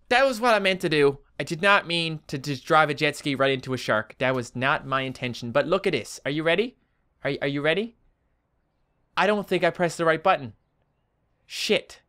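Australian man, let's-play host, bright tone, excitable commentary with sudden yelps. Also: fast talker, smooth. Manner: animated, jumps to high yelps when panicking. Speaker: gaming YouTuber.

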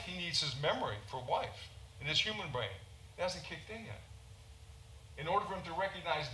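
Bright-voiced American doctor lecturing. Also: male voice, on the high side, a little hiss or hum. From United States. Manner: informal, often checks in with "okay?". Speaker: physician and conference speaker. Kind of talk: conference lecture. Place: large conference hall. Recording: roomy hall with faint ambience.

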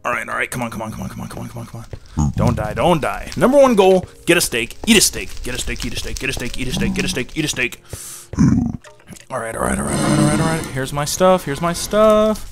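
A man giving excited gameplay commentary, repeating phrases rapidly under pressure. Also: medium pitch, vocal fry. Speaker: gameplay channel host. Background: loud background music.

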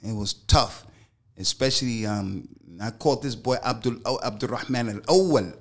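A man's voice: mid-range voice, moderate pace. Emphatic middle-aged man telling a story. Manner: emphatic and slangy, repeats phrases for weight. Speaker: guest, Islamic scholar. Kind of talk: interview storytelling.

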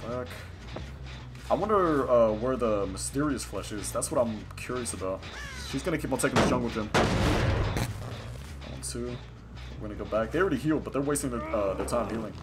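A man's voice: medium pitch, animated, fairly quick, pauses often. Hyped young man commentating his game. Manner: hyped, profane, talks to opponents on screen. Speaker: gaming streamer. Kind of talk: live gameplay commentary. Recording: game music behind the voice.

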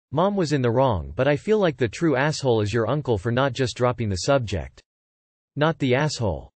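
A man narrating, reading online posts and comments aloud in a steady, matter-of-fact way. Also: medium pitch, breathy edge, no echo.

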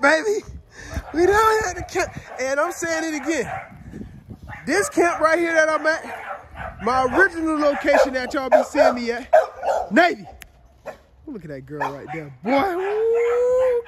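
A fired-up man talks to his viewers as family while he films outdoors at his kennel. His voice sits high for a man. Heavy background noise and barking dogs fill the phone recording. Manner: hyped, shouting out to viewers, calls them family. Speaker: dog breeder vlogger. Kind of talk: casual vlog talk. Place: outdoors at a kennel yard and house.

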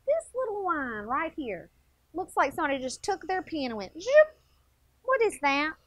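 A woman's voice: high voice, no room sound. Bubbly woman teaching kids. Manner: playful, animated, talks straight to kids. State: a little out of breath. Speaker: second grade teacher. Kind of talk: TV math lesson for children.

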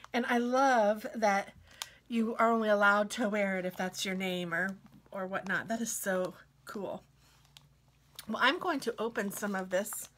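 A woman's voice: medium pitch, slight background noise. Gushing woman vlogger opening craft mail. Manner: gushing, sweet, dropping to soft whispers. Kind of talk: casual unboxing chat.

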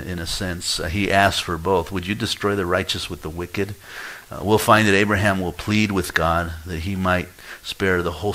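Pastor, male, low voice; conversational sermon that swells into pleading prayer. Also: pushed and bright, rough recording. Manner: pleading, rises in pitch and volume when acting out prayers; conversational, with fillers and restarts. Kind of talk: expository sermon.

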